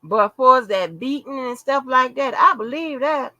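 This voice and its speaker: A middle-aged woman vlogger holds forth to her audience in loose, profane chat that is full of laughter. Her voice is bright and pitched a little high. The sound is close and dry, with no room echo. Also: animated, unhurried, highs cut off. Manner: brash, profane and laughing, calls listeners baby and honey. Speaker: channel host. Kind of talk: casual chat to viewers.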